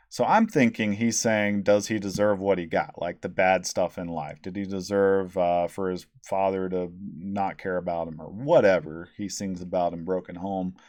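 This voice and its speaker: A man with a low voice rambles through a casual album review, sarcastic and profane, filling gaps with ums and restarts. The sound is dry and close to the mic, with no room around it. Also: darkish tone, no echo. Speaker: podcast host reviewing albums.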